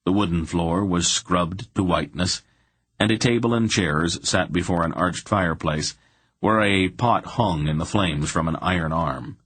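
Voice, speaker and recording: A man reading a fantasy audiobook aloud in slow, even storytelling. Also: deep voice, husky. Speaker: audiobook narrator. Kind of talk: scripted fantasy narration.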